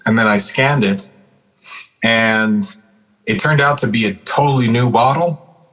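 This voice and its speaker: A rapper from Calgary, Canada, co-hosts a casual hip-hop podcast, rambling through stories full of "like" and "dude." His lowish, slightly bright voice moves a bit slowly with fairly even intonation and frequent pauses, on a low-quality recording.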